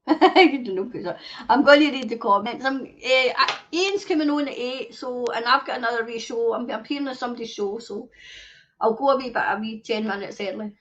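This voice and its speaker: Her voice a little high, brisk, and fairly bright, a Scottish streamer fires off an angry, sweary rant and reads her viewers' comments out loud. The audio is dull and lo-fi, with a bit of hiss or hum.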